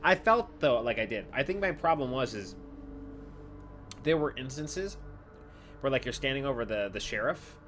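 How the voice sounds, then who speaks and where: A young man telling stories while playing a game, animated and swearing freely, with loud exclamations. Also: medium pitch, moderate pace, long pauses, faint music behind. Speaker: gaming video host.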